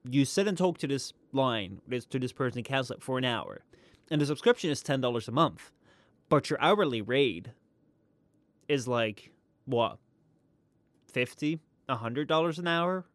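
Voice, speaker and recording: Man, podcast co-host, casual chat, halting with many fillers, dry close mic. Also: mid-range voice, expressive, no echo. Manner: hesitant, lots of fillers and restarts, builds up to the point.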